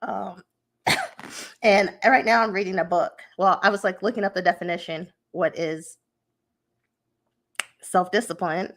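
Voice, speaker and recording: A young woman hosts her own podcast from home, speaking with an emotional, heartfelt warmth and a lot of fillers as she rambles. Her voice has a gravelly, creaky edge at an ordinary middle pitch. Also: fairly even intonation, a little slow, pauses often. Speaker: podcast host. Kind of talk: casual personal talk.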